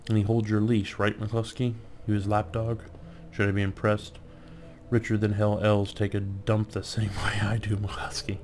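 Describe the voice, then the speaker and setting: A man's voice: lowish voice, completely flat delivery, normal speed, a little mellow, a little hiss or hum. A man hosting a let's play, reading game text aloud and wisecracking sarcastically.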